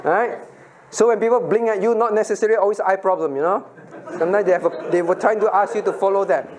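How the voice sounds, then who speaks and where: A man's voice: high-pitched, steady tone, fast, crowd noise. A middle-aged male pastor leading a children's Bible lesson, asking questions, laughing often and acting out little scenes.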